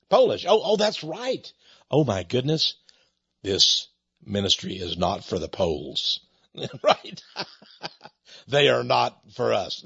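Rambling preacher guy chatting to the folks, husky voice, dry close sound. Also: sits high, dry recording. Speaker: ministry leader. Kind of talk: conversational preaching monologue. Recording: dull lo-fi sound.

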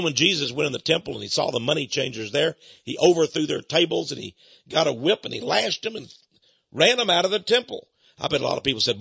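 A Texan man hosts a religious radio program, his booming voice swelling into fired-up rants. His tone is bright and forceful but husky, with a gravelly edge. The broadcast sounds dry and dull, like lo-fi radio. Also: expressive, brisk, no echo. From Texas. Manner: booming, gets carried away into impassioned rants. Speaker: radio host. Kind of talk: religious radio talk and preaching.

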